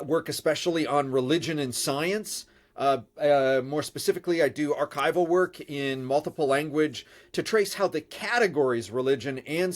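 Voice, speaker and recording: A middle-aged man, a professor, answering interview questions at length, his voice nasal from a head cold and his speech measured and full of pauses. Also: on the high side. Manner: measured, with frequent uh fillers. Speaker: guest, professor of religion.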